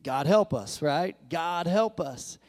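A pastor preaching a lively sermon to his congregation, acting out quoted lines in a raised voice and joking with the crowd. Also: a little high, takes it slowly. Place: church.

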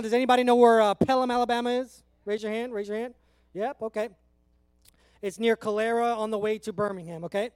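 A California pastor in his thirties delivers a conversational sermon to his congregation, earnest and emotional at times. His high-pitched voice is clear and resonant, with no room sound.

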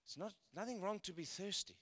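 Bright, high-voiced male preacher. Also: animated, a little fast, breathy edge, no echo. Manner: storytelling, building to loud emphatic peaks then dropping quiet. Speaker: guest preacher. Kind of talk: sermon.

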